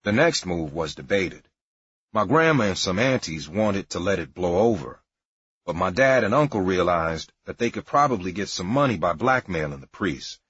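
Low, husky man reading a memoir. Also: very animated, moderate pace, fairly bright tone, no echo. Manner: wry, matter-of-fact storytelling. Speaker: narrator. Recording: dry, dull lo-fi recording.

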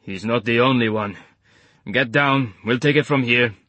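A man's voice: mid-range voice, normal speed, dry recording, highs cut off. A man doing a solemn Eastern European medic. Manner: calm, steady, matter-of-fact. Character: big bald male medic, solemn and gruff.

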